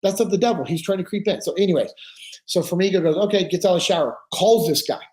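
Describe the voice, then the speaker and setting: A man with a high voice speaks quickly in a casual podcast conversation. He tells stories with earnest conviction, animatedly acting out the voices of the people he quotes.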